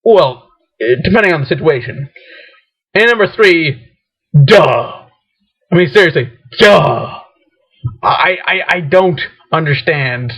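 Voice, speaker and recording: A man's voice: a little high, expressive, moderate pace, fairly bright tone. A man talking in a rambling, hesitant opinion monologue, full of fillers and restarts. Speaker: vlogger. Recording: dull lo-fi webcam recording.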